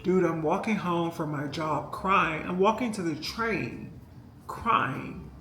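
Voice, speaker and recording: A woman's voice: on the low side, unhurried, fairly bright tone, slight background noise. A woman vlogger telling a story in a casual, rambling and emotional way, with many fillers and asides to her viewers. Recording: echoey room with faint music behind.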